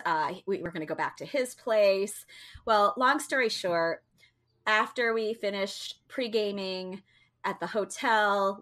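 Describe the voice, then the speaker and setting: A woman's voice: mid-range voice, fairly bright tone. A woman telling a long story in casual chat, chatty and full of fillers and restarts. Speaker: co-host telling a travel story.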